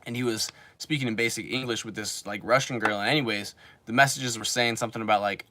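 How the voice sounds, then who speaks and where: A man's voice: on the low side, fairly even intonation, fast talker, bright, forceful tone, slight background noise. A man in his twenties streaming casually, telling rambling stories full of fillers and reading viewer comments. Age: 20s. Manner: rambling, filler-heavy storytelling. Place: home in Japan.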